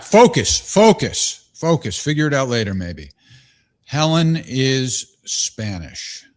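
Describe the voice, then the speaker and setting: An easygoing male host with a voice in the middle range, chatting casually with callers and his guest. He sounds bemused at times and keeps things moving. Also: medium pitch. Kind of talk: casual talk show chat.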